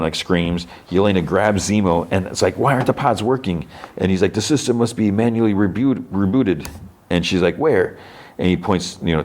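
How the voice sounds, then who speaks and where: Very low-voiced man rambling through a recap. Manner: rambling, filler-heavy, acts out quotes. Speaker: podcast host. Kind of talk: casual episode recap and review.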